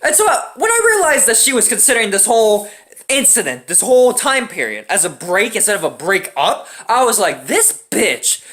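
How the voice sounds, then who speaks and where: A man's voice: high-pitched, moderate pace. A young man telling a personal relationship story in a casual, profane rant, often checking in with "right?". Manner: animated and profane, keeps tagging "right?".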